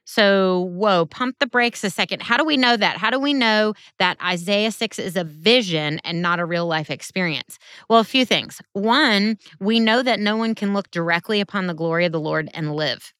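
A woman's voice: mid-range voice, lively intonation, moderate pace, hardly any pauses, fairly bright tone, clear, resonant tone, dry recording, clean studio sound. A woman giving a Bible teaching sermon in an earnest, conversational way with emphatic turns.

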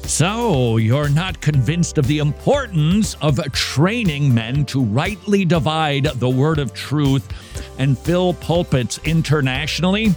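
Animated, jokey male radio host. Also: on the high side, slow, soft background music. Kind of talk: casual radio talk.

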